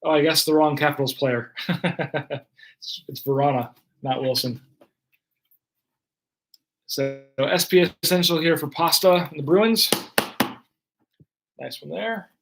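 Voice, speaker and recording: Casual male card-break streamer, slightly higher voice, loose running commentary. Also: slow, gravelly, long pauses, a bit bright, a little hiss or hum. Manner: chatty, running play-by-play of cards.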